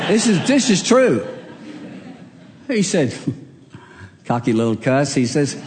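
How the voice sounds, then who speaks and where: An older man preaches in a church, his voice sitting a little high and swinging widely in pitch. He tells stories in a conversational, self-deprecating way. A long hall reverb trails his words. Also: sing-song, slow pace, pauses often, darkish tone. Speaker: pastor. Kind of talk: sermon. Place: church sanctuary.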